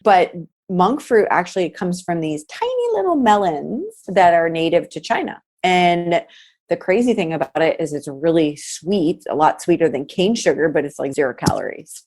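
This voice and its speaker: A woman from Pennsylvania, a podcast guest, chatting in a lively, informative way. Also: lowish voice, normal speed. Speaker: podcast guest, nutritional therapy practitioner. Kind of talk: casual podcast chat.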